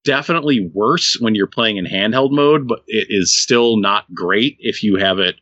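Deep, forceful male co-host, casual and rambling, stuck with hiccups; dull close-miked sound. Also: moderate pace, dry recording. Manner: rambling, many restarts and fillers. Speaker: podcast co-host reviewing games. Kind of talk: casual chat.

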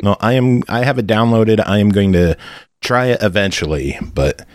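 A man's voice: on the low side, moderate pace, no echo, clean studio sound. A man hosting a casual podcast, swearing and laughing as he steers the talk back to the news. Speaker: podcast host reading news.

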